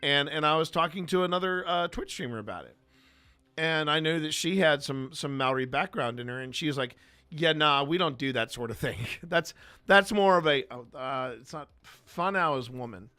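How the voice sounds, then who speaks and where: A man's voice: on the high side, normal speed, bright, forceful tone, clear, resonant tone, soft background music. A man, a paranormal investigator host, casually telling rambling stories with many restarts. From American South. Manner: rambling, frequent restarts and fillers. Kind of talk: casual storytelling Q&A.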